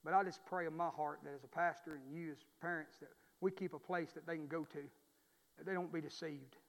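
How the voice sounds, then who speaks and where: A man's voice: a little high, steady tone, fairly quick, creaky, a bit bright. A male pastor preaching a sermon in a folksy, emphatic way, repeating phrases to drive points home, in a church. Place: church sanctuary. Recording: long reverb of a church hall.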